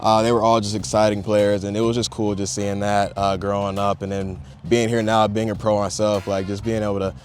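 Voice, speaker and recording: A young pro baseball player from Texas, answering interview questions in a laid-back, soft-spoken way with lots of fillers. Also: male voice, fairly low pitch, monotone, brisk, few pauses, soft background music. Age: young adult. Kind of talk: casual interview.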